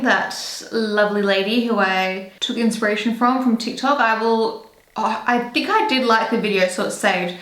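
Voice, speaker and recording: A woman's voice: medium pitch, a bit bright. A young woman chatting casually while doing her makeup, rambling and correcting herself as she goes. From Australia. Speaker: beauty vlogger. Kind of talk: casual get-ready-with-me chat. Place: home room indoors. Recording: roomy echo.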